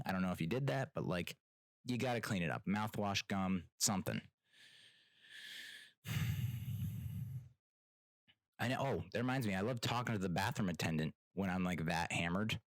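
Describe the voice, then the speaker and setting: Low-voiced man rambling on his podcast. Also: no echo, rough recording. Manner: rambling, self-mocking, joking. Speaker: podcast host. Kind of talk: casual solo storytelling.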